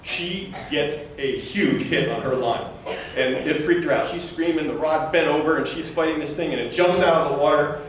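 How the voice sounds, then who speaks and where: A man's voice: fairly high pitch, normal speed, a little hiss or hum. A middle-aged man giving a humorous memorial eulogy, telling chatty stories and laughing through them in a large hall. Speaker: eulogy speaker. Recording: echoey hall, voice from far off.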